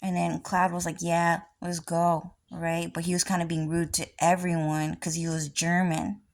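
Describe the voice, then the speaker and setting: A woman's voice: lowish voice, level tone, normal speed, vocal fry. A woman vlogger talking in a rambling, casual monologue, often swearing.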